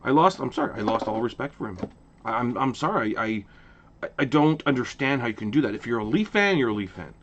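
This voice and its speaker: A man's voice: medium pitch, quick pace, highs cut off, a little hiss or hum. A man from Ottawa, Canada, hosting a casual opinion rant to camera, passionate, with lots of repeated restarts. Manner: passionate, repetitive restarts, animated. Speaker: hockey channel host.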